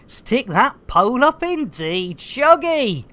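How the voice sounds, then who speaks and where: A woman's voice: a little high, sing-song, takes it slowly, fairly bright tone, a little hiss or hum. A woman streaming a game, bantering with her chat in a jokey, bubbly way, full of silly rhyming catchphrases and cheeky innuendo.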